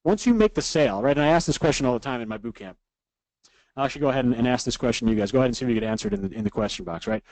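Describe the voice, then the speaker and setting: A man leads a live online class from a close, dry desk mic. His voice sits at a middle pitch, and he talks in a quick, eager rhythm that tags nearly every sentence with a checking "right?". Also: expressive, a little mellow, no echo, low-quality recording. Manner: repeats "right?" after nearly every point, upbeat and instructive; reads out viewer comments from a live chat. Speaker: online course instructor. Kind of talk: live webinar teaching.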